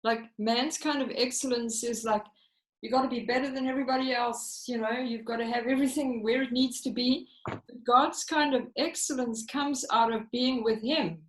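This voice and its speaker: High-voiced woman host in an echoey room. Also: steady tone, normal speed. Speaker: podcast host. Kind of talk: casual chat.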